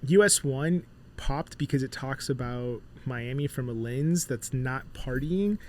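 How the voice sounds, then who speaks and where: A man who is a musician guest on a casual podcast, telling animated stories and acting out bits of dialogue, with lots of filler words. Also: mid-range voice, unhurried, a little hiss or hum. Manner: animated storyteller, acts out dialogue, many fillers.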